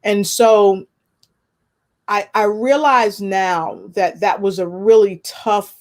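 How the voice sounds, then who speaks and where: A woman's voice: mid-range voice, slow. Earnest woman telling a personal story. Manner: earnest, expressive storytelling with spiritual references. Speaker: guest. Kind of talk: personal testimony in conversation.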